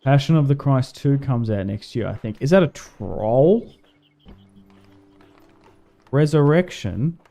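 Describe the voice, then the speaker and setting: A man's voice: medium pitch, lively intonation, slow pace, gravelly, long pauses, mellow, soft background music. A young Australian man chatting casually and rambling while streaming a game. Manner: rambling, laid-back, slangy. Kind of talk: casual livestream chat over gameplay.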